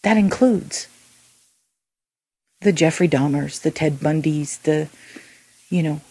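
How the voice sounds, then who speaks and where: A woman co-hosting a faith podcast, talking earnestly and haltingly, often restarting her sentences. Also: deep voice, mellow, breathy edge, dry recording. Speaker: podcast co-host. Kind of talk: reflective faith podcast talk.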